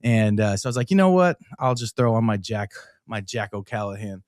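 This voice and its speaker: A man hosting a casual livestream, reacting to a football game with excited, rambling commentary and many fillers, often out of breath. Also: on the low side, a little fast, no room sound, studio quality. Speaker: livestream host. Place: home.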